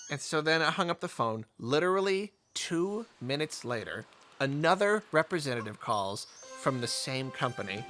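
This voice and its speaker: Male gaming host, bright, somewhat high voice, chatty and rambling, faint music behind. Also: lively intonation, normal speed. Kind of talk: casual commentary while playing a game.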